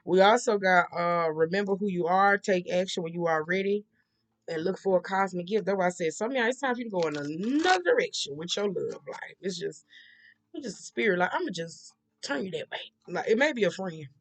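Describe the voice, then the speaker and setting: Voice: medium pitch, lively intonation, brisk, gravelly. A tarot reader talking loosely and off the cuff, with plenty of swearing and slang. The talk rambles and circles back on the same stock phrases. Every few lines it stops to check in with the listener. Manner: blunt and profane, with frequent slang; rambling, with repeated verbal tics. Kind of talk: casual monthly tarot reading.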